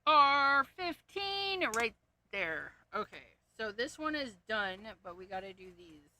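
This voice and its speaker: A woman's voice: on the high side, sing-song, slow pace, bright, forceful tone, slight background noise. A woman hosting a crafting livestream, casually talking to herself as she sorts markers and reads off their codes, and easily amused by her own jokes. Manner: muttering, reading off codes to herself. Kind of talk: casual livestream chat while sorting markers.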